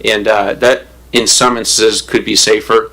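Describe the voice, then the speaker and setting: A man on the city council giving remarks at a public meeting, halting and full of fillers. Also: lowish voice, level tone, sharp tone, poor audio. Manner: halting, many fillers and restarts. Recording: government meeting broadcast.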